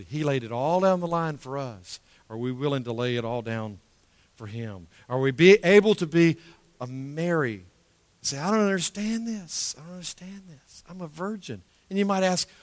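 A pastor preaches a sermon in a fairly high-pitched voice, emphatic and repeating key phrases, then lowering to a hushed tone when he prays. There's no room sound, yet a long reverb tail trails his words.

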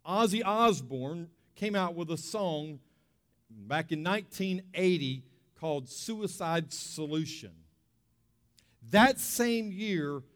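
A male pastor preaching a conversational sermon, stressing points with repetition and rhetorical questions. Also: fairly high pitch. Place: church sanctuary. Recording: long hall reverb.

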